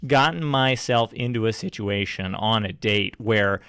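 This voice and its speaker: A young man co-hosting a talk radio show, making dry, deadpan quips. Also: fairly low pitch, measured pace, smooth, no room sound. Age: young adult. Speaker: co-host, millennial correspondent.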